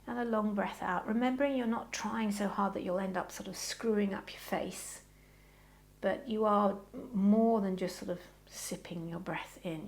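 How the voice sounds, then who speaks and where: A woman teaching a guided yoga class in a gentle, reassuring, chatty way, softening into slow breath cues. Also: medium pitch, creaky.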